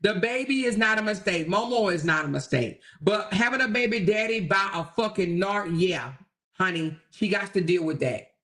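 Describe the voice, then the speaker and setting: Brief: woman livestream host, bright and forceful, profane and emphatic. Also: medium pitch, expressive, moderate pace. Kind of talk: livestream commentary.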